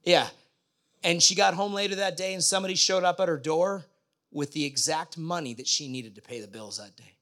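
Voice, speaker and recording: A man's voice: fairly high pitch, a little fast, sharp tone. A middle-aged man preaching a sermon in a conversational way, often putting questions to the congregation. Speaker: pastor.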